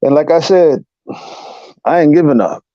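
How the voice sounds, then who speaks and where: A man's voice: fairly high pitch, expressive, moderate pace, mellow, dry recording, dull audio. A man in casual chat who talks in a slangy, firm and determined way.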